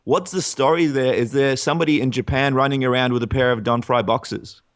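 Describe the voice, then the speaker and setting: A man's voice: mid-range voice, brisk. A man hosting a casual interview, upbeat, asking questions and reading fan questions. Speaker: podcast host.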